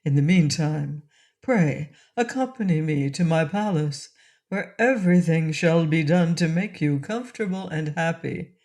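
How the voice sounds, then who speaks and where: A woman reading an audiobook, voicing a dignified island king who speaks calmly and courteously at a slow pace. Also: low-pitched. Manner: calm, courteous, measured.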